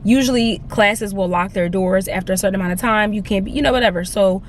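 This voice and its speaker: A woman's voice: mid-range voice, fast, slight background noise. A young woman in her twenties chatting casually for her vlog, filling her talk with "like" while she drives and later walks. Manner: chatty and animated, says "like" a lot. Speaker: lifestyle vlogger. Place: in her car, then out on a walk.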